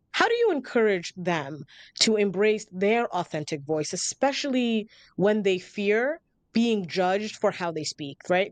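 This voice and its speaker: A woman's voice: lowish voice, no room sound. A woman hosting an interview podcast, reflective and asking long, thoughtful questions. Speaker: podcast host. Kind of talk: interview conversation.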